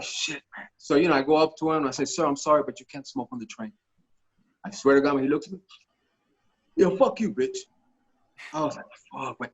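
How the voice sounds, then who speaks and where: A man guest on a podcast telling stories in a casual, animated, profane way, acting out the voices of the people in them. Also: on the high side. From Miami. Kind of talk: casual storytelling interview. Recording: dull lo-fi podcast audio.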